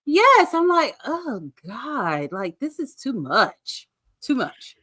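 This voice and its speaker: Sassy woman chatting, bright voice, bouncy pitch, blunt takes. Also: sing-song, takes it slowly, slightly rough, dry recording, clean studio sound. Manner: blunt, sassy commentary with slang. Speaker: podcast guest. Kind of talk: casual chat.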